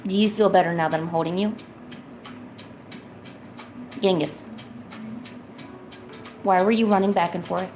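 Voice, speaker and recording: A woman with a fairly low, darkish voice talks at a measured pace in a steady tone, leaving long pauses, over lo-fi music with a little hiss or hum. She's streaming from home while drawing, rambling casually with lots of fillers and stopping to coax her cat.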